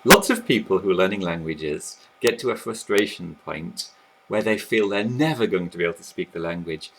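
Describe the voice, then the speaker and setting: A man teaching about language learning, explaining in a lively, animated way while sketching on a board. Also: low-pitched, moderate pace, a little hiss or hum, low-quality recording. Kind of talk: explanatory video talk.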